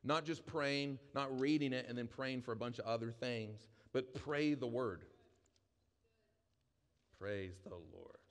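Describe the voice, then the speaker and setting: A pastor preaching a conversational sermon to a live congregation, often asking the room questions. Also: male voice, mid-range voice, steady tone, normal speed, few pauses. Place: church hall with live audience.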